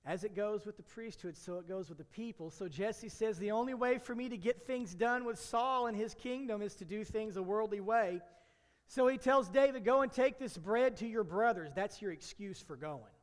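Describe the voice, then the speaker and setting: A high-pitched man preaches an animated sermon, slipping into the voices of biblical characters as he tells the story. His voice rings out with a long hall reverb around it. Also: normal speed. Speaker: pastor.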